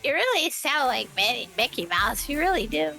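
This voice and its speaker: A woman voicing a cursed werewolf whose voice squeaks like a cartoon mouse, in a tabletop game. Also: sing-song, normal speed, gravelly, sharp tone, soft background music, full character voice. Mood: teasing. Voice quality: squeaky, nasal. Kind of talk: tabletop role-play.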